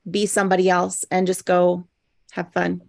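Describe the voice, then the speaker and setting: A woman chatting casually over a video call, friendly and quick to laugh. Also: fairly low pitch, completely flat delivery, creaky, no room sound, studio quality. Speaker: cast member of an online table-read group. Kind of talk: casual chat.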